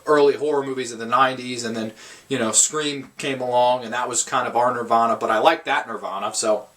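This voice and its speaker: A man's voice: medium pitch, steady tone, brisk, a bit bright. Rambling, profane man reviewing films. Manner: rambling, profane, frequent restarts. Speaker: horror film reviewer. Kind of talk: casual film review monologue.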